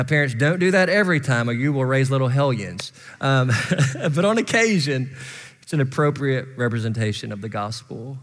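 A man in his forties preaching a sermon as pastor, moving from relaxed storytelling to fervent appeals to parents. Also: mid-range voice. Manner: conversational storytelling rising to impassioned exhortation. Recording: long reverb in large hall.

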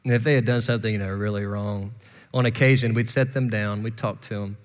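A man in his forties preaching a sermon as pastor, moving from relaxed storytelling to fervent appeals to parents. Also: fairly low pitch, brisk. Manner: conversational storytelling rising to impassioned exhortation. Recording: long reverb in large hall.

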